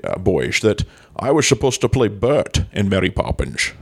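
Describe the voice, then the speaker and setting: A man's voice: lowish voice, sing-song, normal speed, creaky, breathy edge, exaggerated voice. A man doing a lisping old film-star impression. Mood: boastful. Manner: slurred lisping "sh" sounds, teasing and boastful. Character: impression of an aging Scottish film star, gruff and cheeky. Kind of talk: comedic impression in podcast banter.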